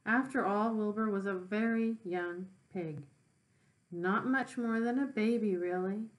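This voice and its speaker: A woman teacher reading a children's book aloud, pausing to explain words to young listeners. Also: mid-range voice, poor audio. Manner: expressive, with brief explanations for children.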